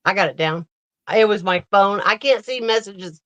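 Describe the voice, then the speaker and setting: A woman's voice: mid-range voice, moderate pace, fairly bright tone, no echo. An older woman co-hosting a live stream sale, chatting in an easygoing, plainspoken way and joking about herself. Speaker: co-host vintage vendor. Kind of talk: casual chat on a live stream. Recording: slightly dull lo-fi audio.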